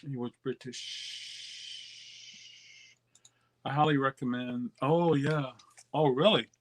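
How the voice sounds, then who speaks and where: A man's voice: mid-range voice, takes it slowly, a little hiss or hum. Rambling man chatting casually. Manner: relaxed, rambling, with many fillers and restarts. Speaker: record dealer hosting a live stream. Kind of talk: casual live-stream chat reading viewer comments.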